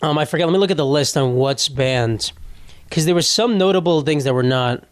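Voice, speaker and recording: A man's voice: fairly high pitch, a little fast, smooth. A young man hosting a casual solo podcast, rambling and joking with plenty of swearing. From United States. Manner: rambling, profane, jokey. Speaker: podcast host.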